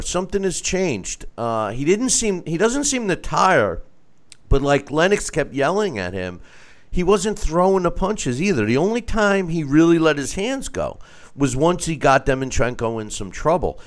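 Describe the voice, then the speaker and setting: Male co-host, resonant and animated, conversational and questioning. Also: fairly high pitch, normal speed. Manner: conversational, questioning, stammering restarts. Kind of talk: casual sports discussion.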